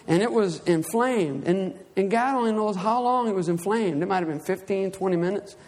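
High-voiced preacher in a reverberant space. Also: male voice, moderate pace. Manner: animated storytelling, acting out his own cries. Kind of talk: Bible reading and personal testimony sermon.

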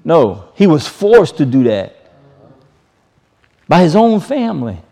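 Man, preacher, sermon, slightly high voice, emphatic, repeats phrases, loud-to-quiet swings. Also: sing-song, slow pace.

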